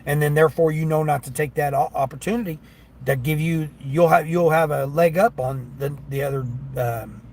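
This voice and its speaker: A man's voice: a little high, fairly even intonation, normal speed, darkish tone. A man livestreaming while driving for delivery apps, chatting casually and complaining about customers who don't tip. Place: in a car.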